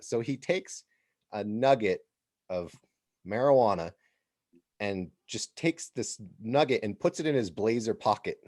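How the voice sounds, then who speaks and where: An American man hosting a podcast, telling a travel story in an animated, casual way and laughing as he goes. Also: lowish voice, unhurried, no echo, clean studio sound. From United States. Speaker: podcast host.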